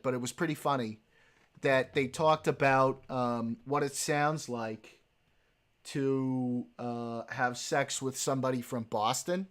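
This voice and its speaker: A man's voice: medium pitch, fairly even intonation, takes it slowly, fairly bright tone. A male live streamer in casual chat, joking around and trying out accents.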